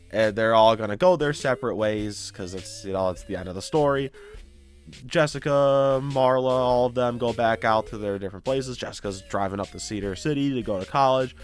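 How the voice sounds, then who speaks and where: Man retelling a story with animated energy. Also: medium pitch, a little fast, clear, resonant tone. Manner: animated, acts out characters' lines. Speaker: YouTuber. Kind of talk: casual story recap.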